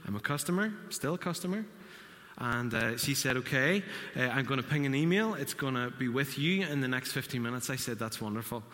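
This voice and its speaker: A man preaching a sermon in a bright, ringing voice. He tells a story and acts out the other speakers' lines, and his words trail off into the long reverb of a church hall. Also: mid-range voice, animated, fairly quick. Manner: storytelling with acted-out quotes. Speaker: pastor.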